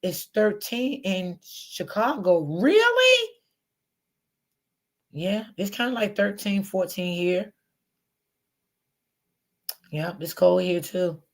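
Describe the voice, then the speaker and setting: Middle-aged female livestream host with a lowish, gravelly voice, chatty and direct with her viewers. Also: takes it slowly, pauses often, a little mellow. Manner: chatty, talks straight to viewers. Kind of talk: casual livestream chat, reading viewer comments.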